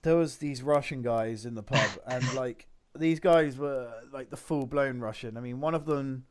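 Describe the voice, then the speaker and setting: A man's voice: mid-range voice, moderate pace. A young man, a podcast co-host, telling rambling anecdotes in casual chat with lots of swearing.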